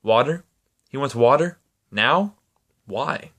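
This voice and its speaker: A flustered, breathless young woman with a raised, fluttery voice , as a man reading aloud puts her on. The pitch sits well above a man's normal speaking voice, and she stays soft and nervous throughout. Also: lively intonation, takes it slowly, heavily acted.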